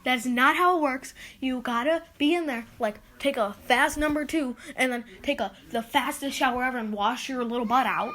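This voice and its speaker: A woman's voice: sits high, moderate pace, hardly any pauses, fairly bright tone, a little hiss or hum. A woman hosting a casual solo podcast, rambling and exasperated as she lists her pet peeves with lots of "like"s. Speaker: podcast host.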